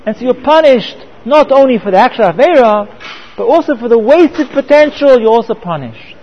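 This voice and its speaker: A man's voice: very high voice, lively intonation, a little fast, highs cut off, slight background noise. A man teaching a Torah class, often repeating words and mixing in Hebrew terms.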